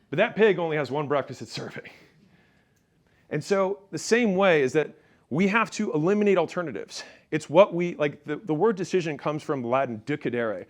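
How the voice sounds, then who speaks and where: A man with a voice a bit higher than most men's gives a motivational business talk. He is punchy and tells stories, and he speaks directly to his listeners. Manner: storytelling, punchy, talks straight to the audience.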